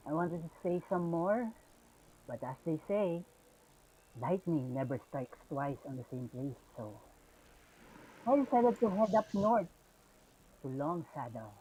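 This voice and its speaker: A taunting villain with a sneering, mock-polite manner and a slightly raised pitch, as a game master puts him on. The voice sits just above an everyday man's register. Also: very animated, unhurried, long pauses, warm tone, a little hiss or hum, low-quality recording.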